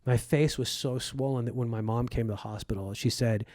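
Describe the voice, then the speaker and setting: The guest, a comedian from Egypt, speaks briskly and steadily in a warm, mid-range voice captured dry. He's a vivid conversational storyteller, recalling his childhood and performing the quoted voices of the people involved.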